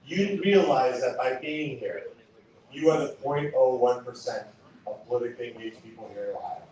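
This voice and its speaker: A man delivers a fired-up campaign speech, firing off rhetorical questions at the crowd. His voice sits at an ordinary pitch for a man. It is heard from a distance in a very echoey hall, with faint noise behind. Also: moderate pace, darkish tone. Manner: impassioned, punchy rhetorical questions. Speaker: political candidate. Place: event hall. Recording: echoey hall recorded from far off.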